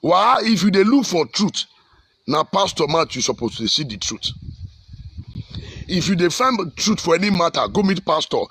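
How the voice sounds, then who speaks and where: A man's voice: high voice, sing-song, normal speed, vocal fry, fairly bright tone, breathy edge. A man with a Nigerian accent, a pastor delivering fiery, repetitive exhortation on the state of his country. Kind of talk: impassioned social commentary.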